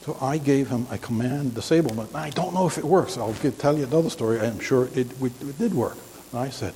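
Older preacher in an echoing hall. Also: male voice, mid-range voice, mellow. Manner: halting, rambling, frequent restarts. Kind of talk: informal sermon storytelling. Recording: long hall reverb, faint hiss.

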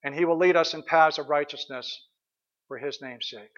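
A man's voice: a little high, moderate pace, fairly bright tone, highs cut off. A man preaching a sermon, asking his listeners questions and repeating short prayers over and over.

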